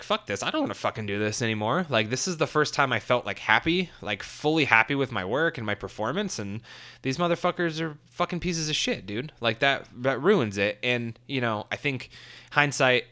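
A man's voice: medium pitch, expressive, a little fast, bright, forceful tone. A man in his twenties telling a story in a casual, rambling way, swearing a lot and full of fillers. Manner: profane, rambling, many fillers. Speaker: former wrestler telling a story.

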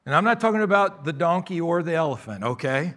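A male pastor preaching a sermon, calling out for amens and moving between loud emphatic bursts and quieter asides. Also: on the high side, animated, quick pace.

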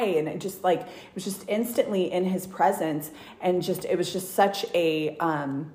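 Woman guest, lowish voice, earnest halting storyteller, recorded with roomy echo. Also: darkish tone, slight background noise. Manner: earnest, many fillers and restarts, gets emotional. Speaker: guest sharing testimony. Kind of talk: casual storytelling.

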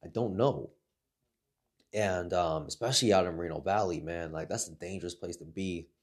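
A man's voice: sits low, moderate pace. A man telling rambling stories in a casual chat, swearing a lot. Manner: rambling, heavy swearing, laughs through his stories. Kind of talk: casual storytelling.

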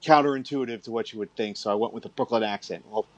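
A man hosting a podcast, chatting in a relaxed, casual way with fillers. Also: on the low side, fast, no echo. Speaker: podcast host. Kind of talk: casual chat.

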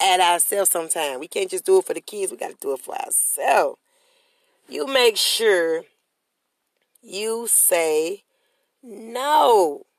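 Gravelly woman giving blunt life advice. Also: lowish voice, no room sound. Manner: emphatic and repetitive, leads call-and-response chants; casual, slangy street talk. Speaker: motivational speaker. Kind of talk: motivational monologue to viewers.

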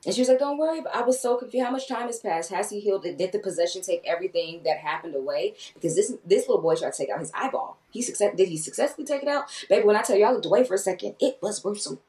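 A woman's voice: medium pitch, lively intonation, very fast, few pauses, mellow, distant mic, poor audio. A woman co-hosting a casual movie review podcast, talking animatedly and swearing, quoting herself and others. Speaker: podcast co-host.

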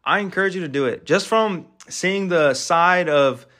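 A young man in his twenties delivers a swaggering, profane pep talk, piling on fillers as he hypes himself up. His voice sits a little high and comes out bright and forceful, with a pushy edge. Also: normal speed. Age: 20s. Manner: brash, profane and hyped, heavy filler talk. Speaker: podcast host. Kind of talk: casual motivational monologue.

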